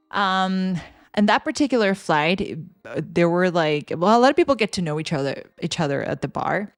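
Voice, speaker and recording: Chatty, low-voiced woman telling a story. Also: vocal fry, no echo. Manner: chatty and animated, with frequent fillers. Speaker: flight attendant and vlogger. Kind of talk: storytime vlog.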